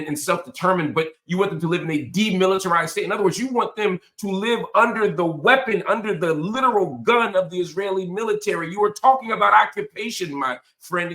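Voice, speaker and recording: A man's voice: a little high, fairly bright tone. A man hosting a political commentary monologue, talking in emphatic, impassioned punches. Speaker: host.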